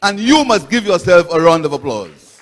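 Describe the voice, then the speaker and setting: Middle-aged Saint Lucian man, rally speaker, high and very lively pitch, impassioned and repetitive. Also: moderate pace, long reverb tail, a faint crowd. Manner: impassioned, repetitive oratory with rising and falling emphasis. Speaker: political guest speaker. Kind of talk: political rally speech.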